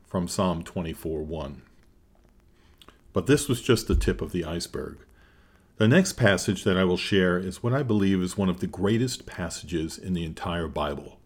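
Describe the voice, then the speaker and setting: Low-voiced male Bible teacher, earnest and measured, scripted devotional delivery.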